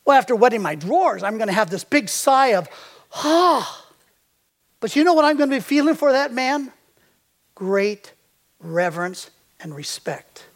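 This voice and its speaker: An older man preaches with a fairly high voice. He tells stories from the pulpit and tosses fill-in-the-blank questions to his listeners as he teaches. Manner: storytelling, quizzes the congregation with fill-in questions. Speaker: pastor. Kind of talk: sermon.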